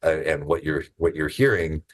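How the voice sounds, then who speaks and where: A man's voice: rumbling low, normal speed. A man giving thoughtful legal commentary in an interview clip, with some small restarts.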